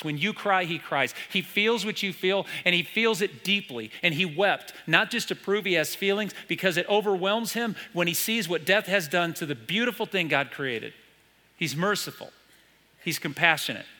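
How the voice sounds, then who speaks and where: An American man preaches from a stage, his voice bright and forceful, pitched a little above the usual. He tells stories and throws rhetorical questions at the congregation. A long hall reverb trails every phrase. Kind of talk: sermon. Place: church stage.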